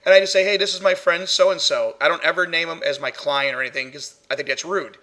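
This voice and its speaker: A man hosting a casual paranormal podcast, chatty and quick to laugh while telling stories. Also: on the high side, pushed and bright. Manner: laughs often, chatty storyteller. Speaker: podcast host, paranormal investigator.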